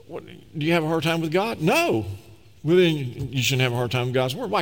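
A man's voice: a little high, animated, brisk, fairly bright tone. A man preaching a sermon as pastor, talking conversationally and emphatically, acting out little quoted voices. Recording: reverberant hall.

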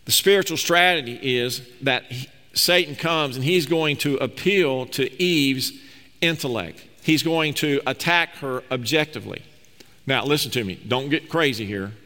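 A medium-pitched male voice with a sharp tone speaks at normal speed, delivering a pastor's sermon. He reads scripture aloud and explains it emphatically with rising delivery, echoing in the long reverb of a large hall.

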